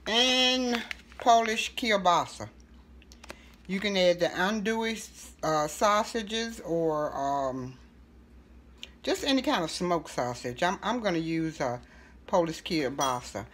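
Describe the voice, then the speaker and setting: A middle-aged woman with a fairly low voice walks through a recipe in her home kitchen. She talks in a relaxed, chatty way, with fillers and quick self-corrections. A faint hiss sits behind her voice. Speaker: home cooking host. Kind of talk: casual cooking tutorial.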